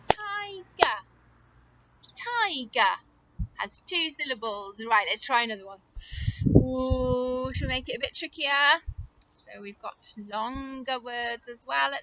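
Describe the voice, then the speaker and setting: A woman teaching a phonics lesson to young children, in a sing-song, encouraging manner with slow, exaggerated words. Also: sits high, fairly bright tone, muffled recording, slight background noise.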